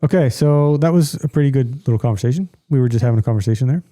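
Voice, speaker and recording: A man's voice: mid-range voice, racing, dark tone. A middle-aged man hosting a casual podcast from home, blunt and ranting, with a joking streak. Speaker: podcast host.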